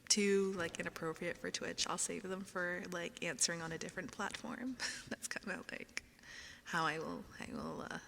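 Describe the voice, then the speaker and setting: A woman streaming ASMR into a binaural mic, chatting softly, often whispering and giggling as she reads out questions. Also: lowish voice, slow, creaky, big-room sound, a little hiss or hum. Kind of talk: soft whispered stream chat. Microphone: binaural microphone.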